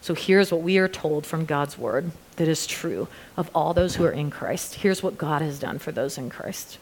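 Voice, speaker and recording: Woman preacher, kinda low voice, earnest and slow when she reads, leading a prayer at church. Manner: earnest, slow deliberate reading at times. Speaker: women's ministry preacher. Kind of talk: sermon altar call and prayer. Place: church with online viewers.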